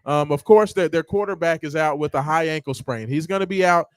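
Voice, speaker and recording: A man talks sports in a lively, casual way. He tells stories with excitable energy. The sound is dry and close to the mic. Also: on the high side, brisk, clean tone, no echo. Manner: lively, excitable storyteller, animated impressions. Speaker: sports show host.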